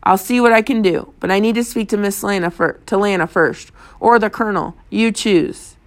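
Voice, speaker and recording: A woman reading an audiobook, voicing a male police detective who speaks in a calm, measured, reassuring way. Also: medium pitch, lightly acted.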